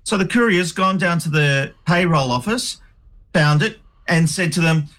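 A man chatting on radio and telling a quick anecdote. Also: on the high side, expressive, fairly bright tone. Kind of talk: casual radio chat, storytelling.

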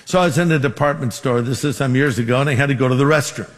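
A man's voice: medium pitch, racing, in a large hall, a little hiss or hum. A man preaching a sermon as pastor, making numbered points and telling stories with quoted dialogue.

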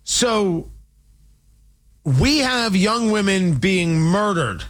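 Host, male, high-pitched, indignant commentary delivery. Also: very animated, drawn-out words, a bit bright. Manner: indignant, emphatic, mocking. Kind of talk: opinionated political commentary.

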